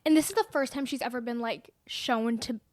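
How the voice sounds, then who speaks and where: A woman's voice: fairly high pitch, brisk, dry recording, clean studio sound. A young woman co-hosting a podcast, chatting about a film and finishing her friend's sentences. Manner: chatty, agreeing, finishes the other host's sentences. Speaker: podcast co-host. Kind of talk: casual film recap chat.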